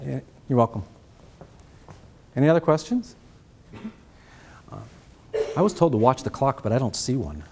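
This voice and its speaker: A man's voice: medium pitch, animated, normal speed, long pauses, a little mellow, a little hiss or hum. A middle-aged man with a Boston accent giving a trumpet master class, answering students' questions and checking in with "okay?".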